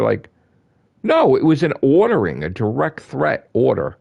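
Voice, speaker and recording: A man on a gaming live stream, ranting in a heated, profane way, repeating himself and swinging from loud outbursts to low grumbles. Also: wildly swooping pitch, a little slow, vocal fry, lo-fi sound. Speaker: gaming livestreamer.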